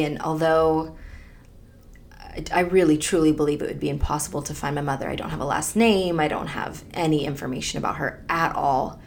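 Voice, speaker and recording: A woman on a faith podcast recounts a personal moment in an earnest, tender way. Her voice sits low with a gravelly edge. Soft laughs slip in as she talks. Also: steady tone, fairly quick. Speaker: podcast co-host. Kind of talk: reflective faith podcast conversation.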